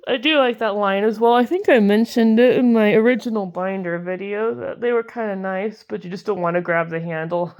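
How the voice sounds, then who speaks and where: A woman's voice: medium pitch, a little fast, darkish tone. A young woman chatting casually as she opens trading card packs, giggling and gushing over the cards she likes. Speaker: card-collecting video host. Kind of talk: casual pack-opening commentary.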